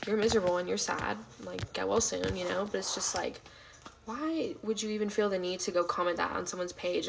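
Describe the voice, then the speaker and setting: A woman chatting casually on a late-night livestream from home, with a gravelly, fry-laden voice at an ordinary pitch. She rambles, fills gaps with "um" and "like", and answers her chat, slipping at times into soft half-whispered asides. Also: a little hiss or hum, low-quality recording. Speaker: livestream host.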